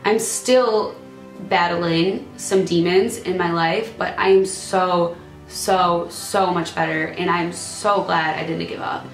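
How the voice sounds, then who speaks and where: A woman's voice: lowish voice, fairly even intonation, slow, faint music behind. Teary young woman in an echoey room. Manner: earnest, fighting back tears. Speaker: YouTuber. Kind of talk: emotional personal vlog. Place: room at a computer or camera.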